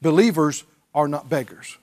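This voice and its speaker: A man's voice: on the high side, animated, normal speed, a little mellow. A male pastor preaching a sermon, drawing on the congregation and mimicking pleading prayers.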